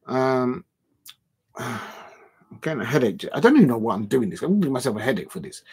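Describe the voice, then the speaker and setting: Livestream host, man, mid-pitched, rambling football banter with high protesting outbursts. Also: normal speed, pauses often, breathy edge. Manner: animated football banter, voice jumping up when protesting; rambling with many fillers and restarts. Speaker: livestream watch-along host. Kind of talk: casual livestream chat reading out viewer comments.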